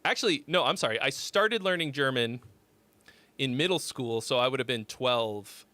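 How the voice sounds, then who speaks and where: A man's voice: mid-range voice, normal speed, sharp tone, dry recording. A man in his forties hosting a song critique livestream, chatting casually in a rambling, profane way that breaks off and restarts. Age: 40s. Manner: rambling, profane, self-interrupting.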